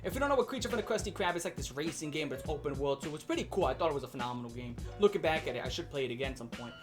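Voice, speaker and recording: A young man in his late twenties ranting to camera in a loose, casual vlog. He talks with animated energy, swearing and laughing his way through a childhood story. Faint music plays softly behind him. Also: on the high side, racing. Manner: animated, profane, laughing, slangy.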